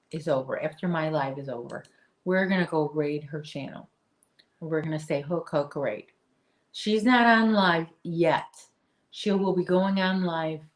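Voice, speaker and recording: A low-pitched woman talks at an unhurried, easy pace as she hosts a crochet livestream. She chats with her viewers and picks up their comments, often stumbling and restarting her sentences. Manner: chatty, answers viewer comments, frequent restarts. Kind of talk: casual live chat while crocheting.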